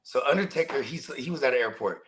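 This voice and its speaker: A man's voice: mid-range voice, expressive, quick pace, a bit bright, rough recording. A man co-hosting a podcast, telling long stories in casual, profane chat full of slang. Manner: profane, rambling storyteller with slang. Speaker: co-host.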